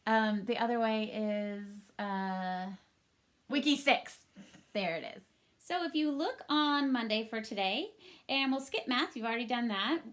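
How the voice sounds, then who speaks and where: Here's a cheerful woman teaching children from home, her voice sitting a bit high. She sounds patient and upbeat as she walks young kids through their lesson. She speaks right to them into a laptop mic. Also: a little slow, a bit bright. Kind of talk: recorded remote phonics lesson for young children.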